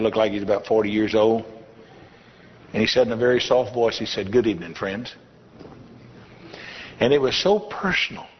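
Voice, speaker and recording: This older man's voice sits fairly low, and there's slight background noise as he delivers a testimony sermon with folksy humor. The recording, made in a reverberant church hall, is dull and lo-fi.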